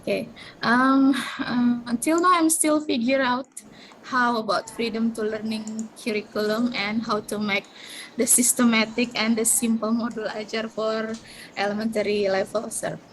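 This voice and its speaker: A woman, an elementary English teacher, presenting her plans in an online class in a hesitant, halting way. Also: fairly high pitch, steady tone, slight background noise, rough recording. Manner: hesitant, halting, many fillers. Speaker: elementary school English teacher, student in training course.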